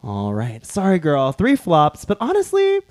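A man's voice: fairly high pitch, huge pitch swings, a little slow, a little mellow, a little hiss or hum. A man hosting a podcast, chatting casually and playfully while reviewing. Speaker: podcast host.

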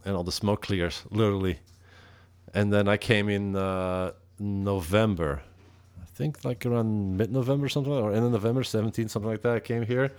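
A man's voice: steady tone, brisk, a little mellow, smooth. A man from Europe, a metal musician, telling stories as a guest on a casual interview, swearing freely and acting out quoted lines. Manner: profane, laid-back, acts out quotes with rising pitch.

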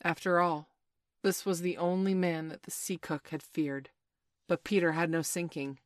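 A woman with a low voice narrates a storybook in an expressive, dramatic way. The recording is close and dry, with no echo. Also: normal speed. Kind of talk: storybook reading.

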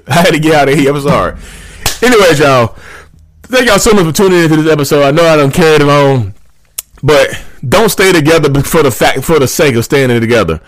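A man's voice: medium pitch, fairly bright tone. A man hosting his own channel, going on an emphatic, repetitive rant. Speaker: channel host. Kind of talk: ranting monologue to camera.

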